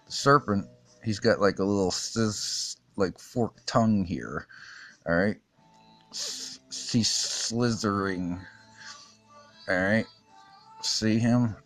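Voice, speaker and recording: A man giving a casual Bible lesson while drawing, talking haltingly with many restarts and fillers and chuckling often. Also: fairly low pitch, a bit bright. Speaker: teacher.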